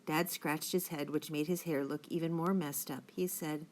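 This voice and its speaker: A woman reading a children's book aloud in a clear, steady storytelling manner. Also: deep voice, moderate pace, hardly any pauses, a little hiss or hum. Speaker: audiobook reader.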